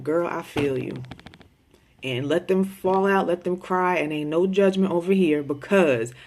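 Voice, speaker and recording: Frank, talkative mom speaking in a home video diary, direct and casual. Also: female voice, sits low. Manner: candid and talkative, with many repeated words; direct, with folksy slang. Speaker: mother of a special needs child.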